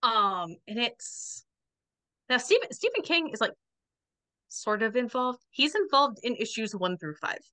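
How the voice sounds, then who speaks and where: A young woman co-hosting a podcast in casual chat, talkative and quick to laugh. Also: a little high, big pitch swings, sharp tone. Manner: chatty, laughs often, quotes friends in quick asides. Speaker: podcast co-host.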